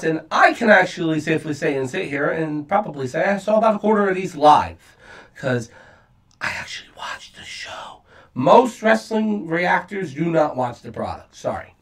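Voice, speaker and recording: A man's voice: high-pitched, a bit bright, recorded from a distance. A man hosting a casual reaction video, talking bluntly and profanely with frequent fillers.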